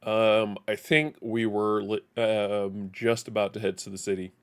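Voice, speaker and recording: A man doing live gameplay commentary as a streamer. He talks in a chatty, animated way and often corrects himself. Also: on the low side, a little slow, smooth.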